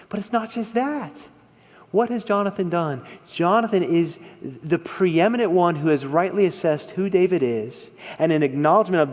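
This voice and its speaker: A man preaches in a high register, leaning hard into key words and then falling quiet. The sermon rings out with long reverb, as in a church hall. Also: moderate pace. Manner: expressive, rises and drops in volume for emphasis.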